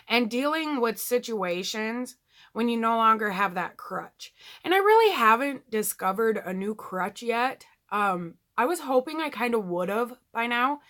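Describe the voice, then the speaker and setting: Bright-voiced woman, candid rambling vlog. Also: mid-range voice. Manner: candid, rambling, full of ums and you-knows. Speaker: vlogger. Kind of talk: casual personal video diary.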